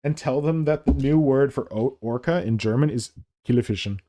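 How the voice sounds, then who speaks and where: A man's voice: medium pitch, normal speed. A man hosting a hobby stream, chatting casually and joking around with silly voices. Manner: jokey, animated, silly put-on voices. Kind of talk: casual chat.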